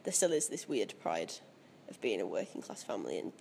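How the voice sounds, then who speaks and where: Young woman, gravelly voice, lively pitch, chatty and opinionated. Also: fairly quick, slight background noise. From Leeds area, Northern England. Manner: chatty and opinionated, with frequent laughs. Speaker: interviewee. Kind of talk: casual interview chat.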